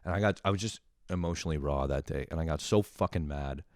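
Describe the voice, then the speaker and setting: Low-voiced man in a rambling comic monologue. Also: fast talker, a little mellow, no echo, clean studio sound. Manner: loose, profane, many "like" fillers. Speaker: comedian.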